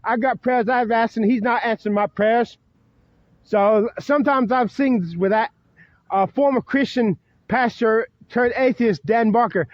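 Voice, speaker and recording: Bitter high-voiced man ranting, dull recording. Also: a little slow, no room sound. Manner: profane, bitter, repeats himself. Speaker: vlogger. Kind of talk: angry rant to camera. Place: outdoors at night beside a church.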